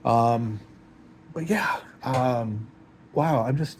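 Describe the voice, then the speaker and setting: Grieving guy talking to his camera, heartbroken, rambly and stop-start, mid pitch, faint noise behind. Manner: rambling and halting, emotional. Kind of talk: personal confessional vlog.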